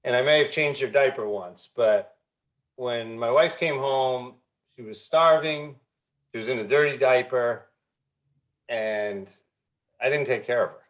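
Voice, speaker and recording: A man's voice: medium pitch, measured pace, long pauses, fairly bright tone. A man in his fifties, a guest on an interview podcast, telling a personal story candidly with frequent restarts and repeated words. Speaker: guest, founder of a recovery movement.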